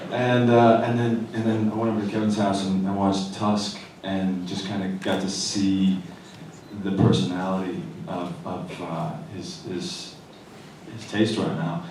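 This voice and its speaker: An actor on a premiere panel answering casually, with restarts and repeated words. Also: male voice, fairly low pitch. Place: large festival theater. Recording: echoey hall, distant mic, background noise.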